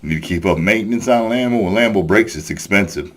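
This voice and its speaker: A man with a fairly low voice tells a workplace story as a profane rant. He sounds exasperated and swears freely, slipping in dry chuckles between lines. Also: quick pace. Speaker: vlogger ranting about a coworker.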